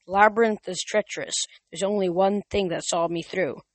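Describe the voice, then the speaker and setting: List: reader voicing a young male ghost, lifeless, fearful, slow, faltering, plain mid pitch. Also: steady tone, no room sound, natural voice. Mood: hollow, fearful. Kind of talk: amateur audiobook reading.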